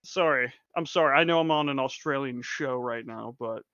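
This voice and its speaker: A man's voice: medium pitch, moderate pace, fairly bright tone, dry recording. A man co-hosting a casual movie chat, swearing freely and laughing often. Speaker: podcast co-host. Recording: dull, lo-fi and dry.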